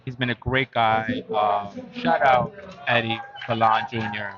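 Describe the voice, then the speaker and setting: Man commentating live like a sports announcer, middle pitch, lo-fi audio, crowd audible. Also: steady tone, a little slow. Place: busy convention hall.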